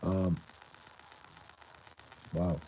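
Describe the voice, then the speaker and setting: A man's voice: low voice, flat delivery, drawn-out words, warm tone, low-quality recording. Long island dude rambling to his stream chat, like like like, super casual. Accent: Long Island New York. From Long Island, New York. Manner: rambling, heavy use of "like" and restarts. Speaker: livestreamer. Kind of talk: casual livestream chat, reading chat aloud.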